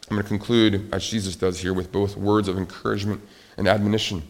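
A middle-aged man preaching a sermon, rising to loud emphatic peaks and dropping to quiet, confessional lows. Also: fairly even intonation, fast. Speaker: pastor.

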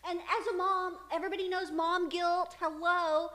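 A woman's voice: extremely high pitch, fairly even intonation, moderate pace, pushed and bright. A middle-aged woman co-hosting a casual podcast, telling stories with frequent laughter. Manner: chatty storytelling, frequent laughter. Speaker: podcast co-host, mother. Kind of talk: casual chat.

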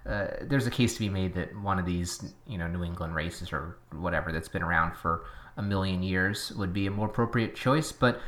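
A man's voice: deep voice, moderate pace, a bit bright. A man with a Boston accent co-hosting a podcast, chatting casually and opinionatedly, wandering into tangents. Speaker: podcast co-host.

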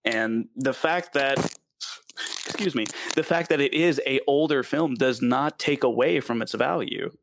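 A man with a Southern US accent talking through a film in a casual review chat, lively and quick to laugh. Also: medium pitch, noisy background. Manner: animated, laughs often, stumbles over names.

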